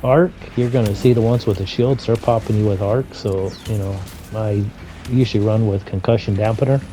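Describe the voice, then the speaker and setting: Man, casual game commentary, rambling, filler-heavy, low pitch, very dark mellow tone. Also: steady tone, moderate pace, a little hiss or hum. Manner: rambling, many "you know" fillers, griping. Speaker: gameplay commentator.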